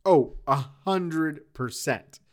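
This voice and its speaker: Male podcast co-host, slightly high voice, animated and laughing, casual chat. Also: takes it slowly.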